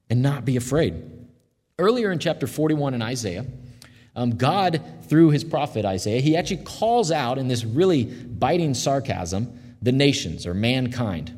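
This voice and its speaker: A man preaching a sermon in an earnest, conversational way, slowing and softening when he quotes promises. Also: mid-range voice, husky, long reverb tail. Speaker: pastor.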